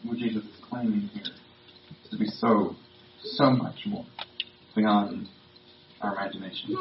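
Male pastor, mid-pitched, conversational sermon delivery with emphasis; echoey, distant, muffled church recording. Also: background noise. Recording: roomy, distant, dull sound.

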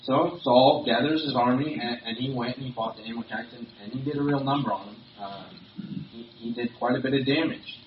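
A man's voice: medium pitch, a little fast. A man delivering a sermon in a conversational way, with many fillers and restarts. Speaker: preacher. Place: church or meeting hall. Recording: roomy, distant, dull lo-fi recording with faint hiss.

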